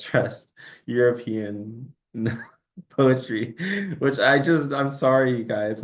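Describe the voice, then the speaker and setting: A man's voice: mid-range voice, muffled recording. A young man teaching a poetry lesson in a loose, rambling way, full of ums and restarts, recorded at home. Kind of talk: casual recorded lecture. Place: home room by a window.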